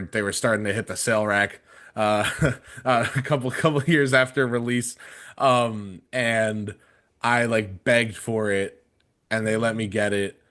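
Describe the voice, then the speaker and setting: On a podcast, a panelist in his twenties casually tells a story, rambling with plenty of fillers and restarts. His voice is lowish and a bit bright.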